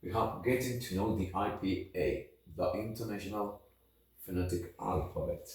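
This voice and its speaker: A man teaching an English phonetics lesson, drawing out each example sound slowly and deliberately. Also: on the low side, fairly even intonation, darkish tone, very echoey, recorded from a distance. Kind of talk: phonetics lesson with model words.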